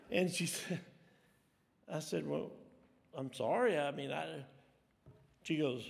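Preacher guy, middle-aged, raspy gravelly voice, a bit high, folksy rambling stories. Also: takes it slowly, pauses often. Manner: folksy, rambling, self-deprecating. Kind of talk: storytelling sermon. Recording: long hall reverb.

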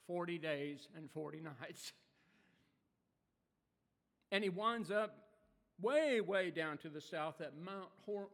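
A man preaching a sermon, retelling a story dramatically with rhetorical questions and shifts from loud to hushed. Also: on the high side, big-room sound.

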